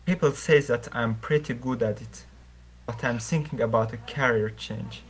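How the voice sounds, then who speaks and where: A man's voice: medium pitch, normal speed, a little hiss or hum. A man with a non-native accent practicing English answers in an online class, careful and a little hesitant. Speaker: student.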